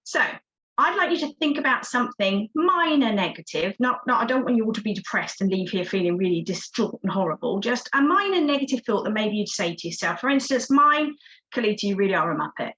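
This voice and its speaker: A woman's voice: a little high, expressive, a little fast, pushed and bright, poor audio. Encouraging woman coaching online. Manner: encouraging, interactive, coaching the audience. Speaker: success coach, guest speaker. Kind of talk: online workshop talk. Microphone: video call.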